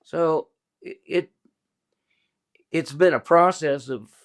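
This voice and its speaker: A man's voice: a little high, slow. An older man talking casually as a guest, rambling and restarting his sentences as he tells stories. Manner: rambling, self-interrupting storyteller. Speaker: guest musician. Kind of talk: casual conversation.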